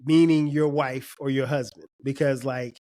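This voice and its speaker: A man's voice: medium pitch, fairly even intonation, moderate pace, warm tone. A man hosting a podcast, laid-back and affirming, often repeating his words as he talks. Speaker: podcast host. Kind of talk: casual podcast conversation.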